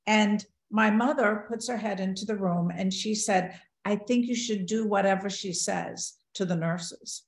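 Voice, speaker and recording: A woman's voice: medium pitch, measured pace, hardly any pauses. An older woman giving a talk, earnestly telling a personal story and acting out the dialogue. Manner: earnest, quotes dialogue in a lively retelling. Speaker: guest speaker. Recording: echoey room.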